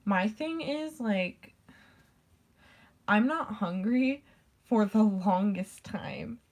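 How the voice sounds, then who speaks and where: With lively intonation and drawn-out words, a vlogger talks in a medium-pitched, slightly mellow voice. It's a rambling casual chat, heavy on "like" and sprinkled with swearing.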